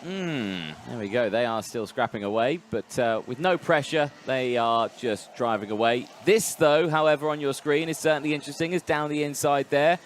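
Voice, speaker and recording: A man works as co-commentator on a kart race, dropping in short, dry asides. His voice sits at an ordinary mid pitch. A faint background noise runs beneath him. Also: moderate pace, few pauses. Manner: brief interjections, dry asides. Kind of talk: live motorsport commentary.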